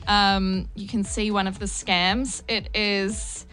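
A woman's voice: medium pitch, flat delivery, slow pace, a bit bright, soft background music, rough recording. Giggly woman on radio. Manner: giggly, brief replies. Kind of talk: casual radio chat.

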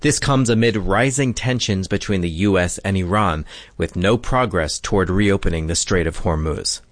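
A male foreign correspondent reading a scripted news report in a steady delivery. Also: low-pitched, moderate pace, no room sound.

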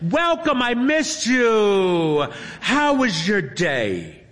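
Man doing a high sing-song young witch streamer. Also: wildly swooping pitch, very slow, long reverb tail, heavily acted. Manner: bright sing-song coaxing. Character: cheerful young female wizard livestreamer.

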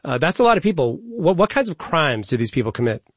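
Young man, news interviewer, pointed measured questions, dry close sound. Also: on the high side, very animated, husky, dry recording.

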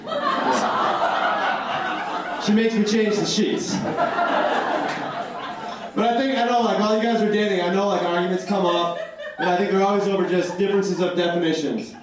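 A man's voice: high voice, normal speed, long pauses. A man doing a stand-up set on a comedy club stage, rambling and hesitant as he banters with the crowd. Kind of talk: stand-up routine. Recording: echoey distant room mic with noise. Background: audience laughter.

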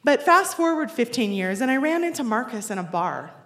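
A woman's voice: on the high side, very animated, brisk, fairly bright tone. A woman in her forties telling a personal story to an audience in a wry, self-deprecating way, often laughing as she talks. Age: 40s. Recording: roomy echo.

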